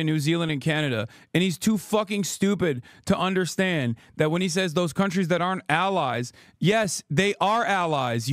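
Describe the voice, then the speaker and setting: Man in his 30s, heated profane streamer rant, higher-pitched voice, dry close mic. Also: a bit bright, no room sound. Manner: angry, profane, sarcastic. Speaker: political streamer.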